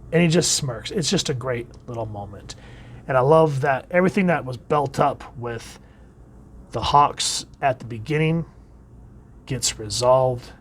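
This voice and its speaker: A man giving a casual comic book review, chatting along and letting phrase ends drop quietly. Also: medium pitch, a little hiss or hum.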